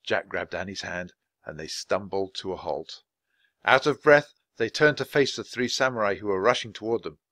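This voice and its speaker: A man's voice: lowish voice, moderate pace, pushed and bright, dry recording, studio quality. A man reading a children's chapter book aloud at a natural pace for language learners. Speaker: storybook reader. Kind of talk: audiobook narration for language learners.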